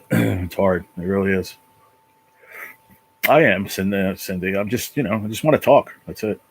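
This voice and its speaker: Husky, low-voiced man venting on a livestream. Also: low-quality recording. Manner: halting, repetitive, swears a lot. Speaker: livestream channel host. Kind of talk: emotional casual livestream chat. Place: apartment at home.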